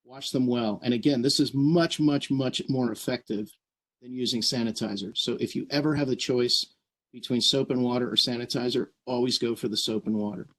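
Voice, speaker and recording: An earnest man presents to his troop over a video call. He explains each step plainly and keeps checking in with a quick "right?". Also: medium pitch, steady tone, fairly bright tone. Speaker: scout troop leader. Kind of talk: virtual meeting presentation.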